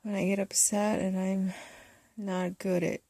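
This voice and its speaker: A woman filmmaker speaking in a soft, halting, hesitant way, in confessional documentary talk. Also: mid-range voice, level tone, no room sound, clean studio sound. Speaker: first-time filmmaker.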